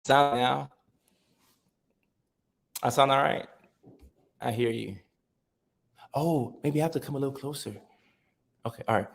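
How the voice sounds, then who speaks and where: A man hosting a casual livestream, chatting with viewers, reading their comments aloud and repeating himself in a relaxed way. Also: mid-range voice, unhurried, vocal fry, long pauses. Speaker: livestream host.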